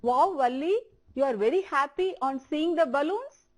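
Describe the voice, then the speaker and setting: During a TV English lesson for primary students, a woman with an Indian English accent talks slowly and repeats each word for the children to copy. Her voice is high-pitched and animated.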